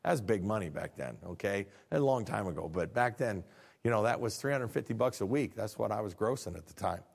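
A middle-aged man preaching a sermon as pastor, animated, acting out dialogues and swinging from quiet low lines to near shouts. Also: fairly quick, gravelly, breathy edge.

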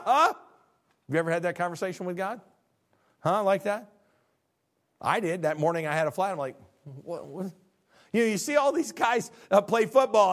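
A middle-aged pastor gives an animated sermon. He acts out exchanges between characters, his delivery swinging from quiet and low to close to shouting.

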